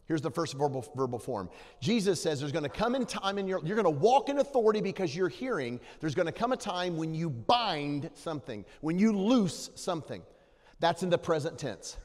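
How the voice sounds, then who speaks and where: A man preaching a sermon in a church, moving from hushed storytelling to loud, rousing exhortation. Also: a little high, very animated, brisk. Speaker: guest preacher. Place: church sanctuary. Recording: long hall reverb.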